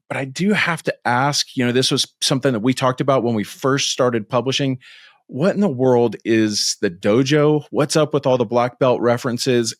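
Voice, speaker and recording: A man hosting an interview show, introducing his guest in a friendly, slightly halting way. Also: mid-range voice, no echo, clean studio sound. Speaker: podcast host.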